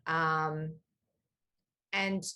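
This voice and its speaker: A woman's voice: low-pitched, steady tone, extremely slow, bright, forceful tone, smooth. A woman narrating a tabletop game as dungeon master in a loose, chatty way with many fillers.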